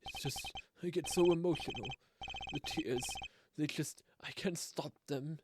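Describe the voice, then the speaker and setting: A man voicing a sentimental elderly former chief prosecutor, talking lower and slower in a grandfatherly way, with game music behind. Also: heavy background noise, natural voice. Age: older.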